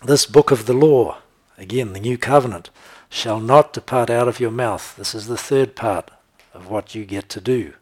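Emphatic low-voiced male preacher. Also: moderate pace, breathy edge. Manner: emphatic, repeats key phrases, quotes scripture aloud. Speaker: pastor. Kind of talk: sermon.

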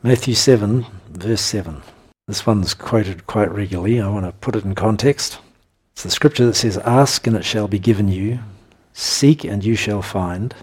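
A man preaching a sermon, teaching through scripture verses in an emphatic style, breaking into animated bursts and chuckles. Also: lowish voice, moderate pace, husky.

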